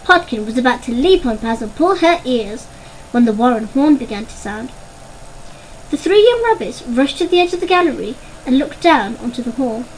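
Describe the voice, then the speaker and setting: High-voiced woman reading a story. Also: slight background noise, poor audio. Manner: expressive, dramatic. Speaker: narrator. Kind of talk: storybook narration.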